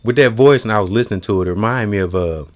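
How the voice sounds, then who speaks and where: A man's voice: on the low side, rapid-fire, no echo. A man hosting a comedy show, chatting casually and telling stories by acting out cartoon scenes. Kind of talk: casual chat.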